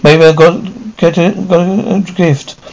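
A hapless henpecked husband, nervous and stammering, read by a man. The voice is gravelly and pitched a bit high. It sounds like an amateur storybook reading. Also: steady tone, measured pace, darkish tone, low-quality recording. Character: hapless henpecked husband who keeps losing jobs.

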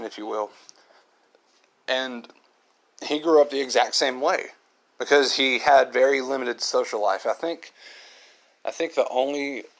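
A man hosting his own podcast, talking in an earnest, reflective monologue and often repeating himself. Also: medium pitch. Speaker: podcast host.

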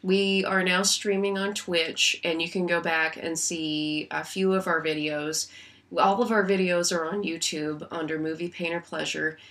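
A woman's voice: fairly low pitch, steady tone, measured pace, a bit bright. A woman co-hosting a casual podcast chat, her voice cracking and sick. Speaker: podcast co-host.

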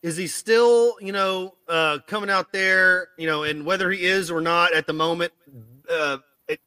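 A man with a high, bright and tense voice hosts a loose podcast chat, firing off teasing questions and laughing between them. His voice sits close and dry, with no room sound around it. The delivery is quick and playful. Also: steady tone, clean tone, no echo. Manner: bantering, fires off questions, laughs often. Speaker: podcast host. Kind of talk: casual wrestling podcast chat.

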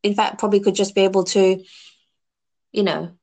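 A woman's voice: mid-range voice, flat delivery, fairly quick, a little mellow. A woman chatting casually as a podcast guest, eating snacks while she talks. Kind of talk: casual chat.

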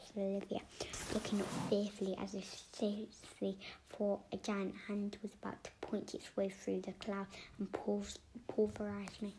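A woman's voice: medium pitch, completely flat delivery, a little hiss or hum. Woman whispering a storybook. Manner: slow, hushed storybook whisper. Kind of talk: whispered role-play.

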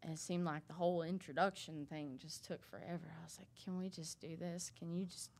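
A woman telling her story in a halting, casual way, full of fillers and restarts. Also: fairly low pitch, fairly even intonation, a little mellow. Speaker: interview guest sharing a recovery story.

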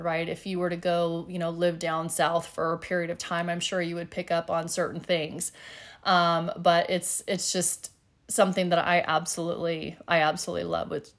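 A middle-aged woman hosting a solo podcast, talking in a chatty, upbeat way with plenty of fillers. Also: fairly low pitch. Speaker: podcast host.

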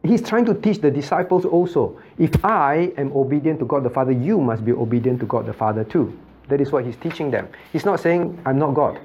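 A pastor leads a Bible study, repeatedly questioning the class and restating key points. His mid-range voice has a darkish tone and a slightly quick pace, on a dull lo-fi recording with slight background noise.

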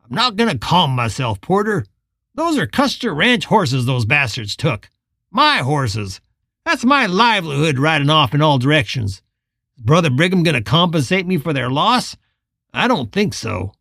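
A man's voice: fairly high pitch, sing-song, normal speed, vocal fry, bright, forceful tone, no echo, studio quality, heavily acted. A man voicing a hot-tempered, scarred rancher gunman who spits and hisses his words. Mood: angry. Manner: angry, spitting, hissing.

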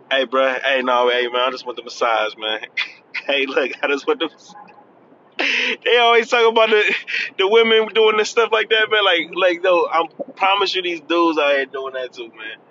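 A thirty-something male vlogger, about thirty, chats casually from his car on the freeway, laughing and admitting he's nervous. His fairly high voice sounds pushed and bright. The highs are cut off, with slight background noise.

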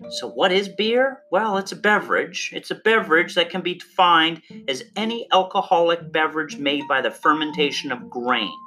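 An instructor delivers an online lecture in a bright, ringing voice. The delivery is playful and theatrical, leaning hard on words with wide leaps in pitch. A soft guitar plays faintly beneath the talk. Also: moderate pace, few pauses. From Canada. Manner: playful, theatrical emphasis with big swings in pitch. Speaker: course instructor.

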